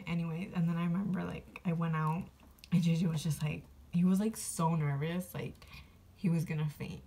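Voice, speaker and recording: Creaky low-voiced young woman vlogger. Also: fairly even intonation, normal speed, dark tone. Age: young adult. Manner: rambling, filler-heavy, emotional retelling. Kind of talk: casual storytelling to camera.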